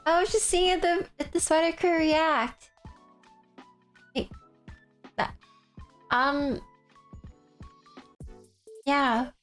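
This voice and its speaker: A young woman livestreamer chatting casually, rambling and giggling as she tells animated stories. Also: high voice, drawn-out words, long pauses, faint music behind. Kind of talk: casual stream chat.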